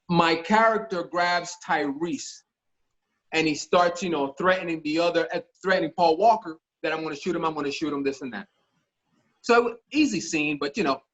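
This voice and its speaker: Man, podcast guest, high-pitched, animated storyteller, profane, muffled lo-fi audio. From Miami. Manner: animated, profane, acts out voices in his stories. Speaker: actor guest telling stories. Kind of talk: casual storytelling interview.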